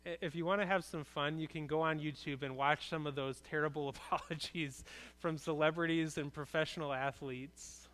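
Earnest, smooth-voiced male pastor preaching. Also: a little high, fairly even intonation, moderate pace, few pauses, a bit bright. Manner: conversational, earnest preaching with frequent restarts. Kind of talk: sermon.

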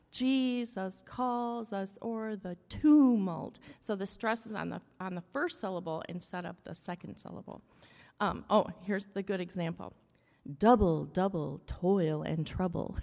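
A woman leading a casual hymn lesson for a congregation, explaining rhythm with frequent "okay?" and humming beats. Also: medium pitch. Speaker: church music leader. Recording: long echo of a large room.

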